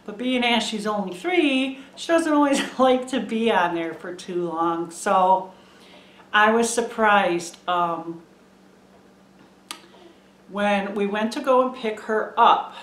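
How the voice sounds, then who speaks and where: A woman's voice: medium pitch, slow pace. A middle-aged woman chatting to camera in a meandering, gushing way from a room at home. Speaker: homesteading vlogger. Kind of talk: casual chat to camera. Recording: echoey room.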